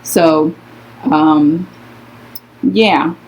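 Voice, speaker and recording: A woman's voice: low voice, fairly even intonation, drawn-out words, darkish tone, slight background noise. An older woman, a grandmother, telling family stories in conversation with an emphatic, impassioned manner. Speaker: interviewee, the interviewer's mother. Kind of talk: storytelling conversation. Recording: muffled lo-fi recording.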